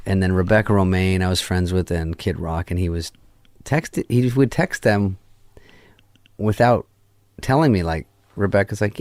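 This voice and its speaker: Male podcast guest, very low voice, dry close mic, casual deadpan storyteller who swears freely. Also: moderate pace, no room sound. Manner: profane, deadpan anecdote acting out quoted dialogue. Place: podcast studio. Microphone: studio microphone.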